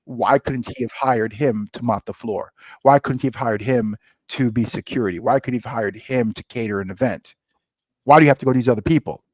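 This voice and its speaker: A middle-aged man telling stories in a casual interview, animated and acting out dialogue, often jumping up in pitch. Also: a little fast, no echo, poor audio. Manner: animated, jumps to high excited pitch when retelling; many fillers and restarts, acts out quoted dialogue. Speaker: guest, scotch brand founder.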